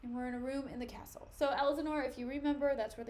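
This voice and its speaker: A woman's voice: sits high, steady tone, fast talker, few pauses, a little mellow, slight background noise. A young woman streamer reading a play aloud and breaking off to explain it in chatty asides. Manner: chatty, says "like" and "okay" often. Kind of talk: casual read-aloud with commentary.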